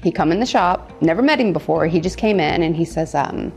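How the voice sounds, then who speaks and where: A middle-aged woman, a tattoo artist, telling stories in a casual, lively way and laughing often. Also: lowish voice, brisk, soft background music. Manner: lively, acts out quoted people, laughs often. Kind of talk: casual storytelling.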